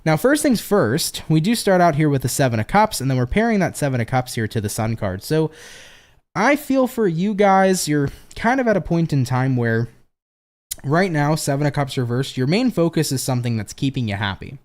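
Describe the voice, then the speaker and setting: A man's voice: mid-range voice, expressive, fairly quick, a little mellow. A man giving a daily horoscope tarot reading, affectionate and encouraging, calling his listeners baby and rambling in upbeat phrases. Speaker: tarot reader.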